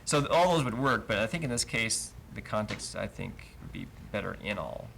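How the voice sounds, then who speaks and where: Patient man teaching, gravelly low voice. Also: animated, moderate pace, fairly bright tone, a little hiss or hum. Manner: patient, explains step by step, many "um"s. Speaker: Hebrew teacher. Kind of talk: live Bible language class. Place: congregation classroom.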